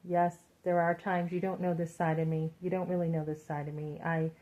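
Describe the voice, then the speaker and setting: Chatty middle-aged woman giving a pep talk, mellow low-ish voice, kinda muffled audio. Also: level tone, fairly quick. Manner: chatty, retells conversations with quoted voices. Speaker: Christian women's vlogger. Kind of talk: casual motivational talk. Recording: muffled lo-fi sound.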